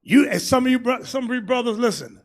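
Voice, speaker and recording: A man preaching as a bishop, loud and crude, shouting and laughing as he mocks people in put-on voices. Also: very high-pitched, lively intonation, quick pace.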